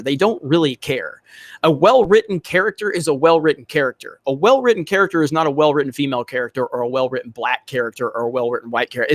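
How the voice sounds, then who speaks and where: A man's voice: mid-range voice, fairly bright tone, no room sound. A man hosting a casual podcast chat, talking in an emphatic, exasperated way with many restarts. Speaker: podcast host.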